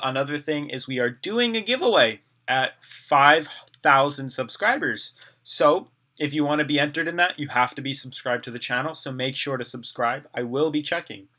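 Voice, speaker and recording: A man's voice: a little high, bright, forceful tone. Chatty man hosting a live stream. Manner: chatty, reads viewer comments aloud and replies. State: voice getting dry and parched. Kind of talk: casual live stream chat reading comments.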